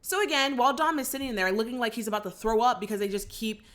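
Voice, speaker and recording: A woman hosting her channel, recapping a film in casual chat, animated and opinionated, acting out the characters' lines. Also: a little high, fast. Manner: opinionated, chatty. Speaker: channel host. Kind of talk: casual movie reaction recap.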